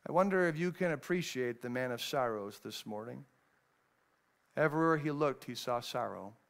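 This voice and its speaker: A man, a pastor, preaching a sermon, moving between raised, emphatic lines and hushed, low passages as he reads scripture. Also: moderate pace, vocal fry. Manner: reads scripture in old-fashioned wording.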